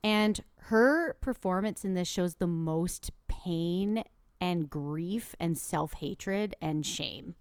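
A woman's voice: lowish voice, slow, dry recording, clean studio sound. A woman co-hosting a podcast, earnestly gushing praise in casual film review chat, with filler words. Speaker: podcast co-host.

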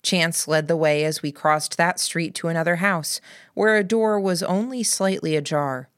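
This audiobook narration comes from a woman whose voice sits on the low side, reading from a script at an even, measured storytelling pace. It's recorded in studio quality, with no trace of room sound.

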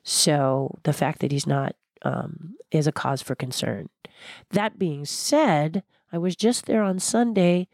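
Blunt, passionate older woman, low voice. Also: slow pace, no room sound, studio quality. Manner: passionate, blunt, animated storyteller. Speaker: guest, former theme park designer. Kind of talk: candid interview conversation.

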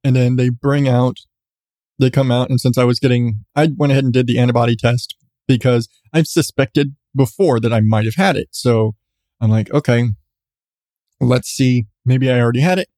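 A man's voice: mid-range voice, steady tone, normal speed, warm tone, no room sound, studio quality. A man, host of a podcast, telling a story in a rambling, self-mocking way with frequent restarts. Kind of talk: casual storytelling.

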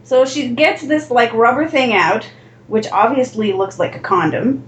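A woman in casual chat, telling a story with lively swearing and acted-out quotes. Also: a little high, normal speed. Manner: animated, swears freely, acts out quotes. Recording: echoey room with faint noise.

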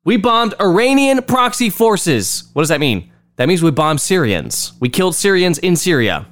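A man's voice: high voice, big pitch swings, normal speed, fairly bright tone. Sarcastic male political commentary host. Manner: sarcastic, mocking repetition.

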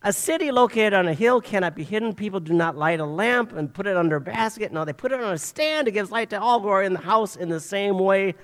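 High-voiced older man preaching a sermon. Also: fast, hardly any pauses. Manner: animated storytelling preacher. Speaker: pastor.

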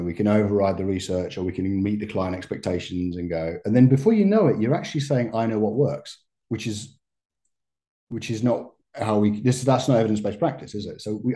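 Man, podcast guest, massage educator, mellow warm tone, reflective, restarts phrases, light laughs. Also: lowish voice. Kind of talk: conversational podcast interview.

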